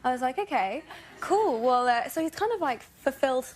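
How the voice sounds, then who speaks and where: A woman's voice: high-pitched, lively intonation, fast talker. Giggly young Englishwoman, noisy broadcast. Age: young adult. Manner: giggly, self-deprecating, lots of fillers. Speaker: guest. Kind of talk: casual talk show chat.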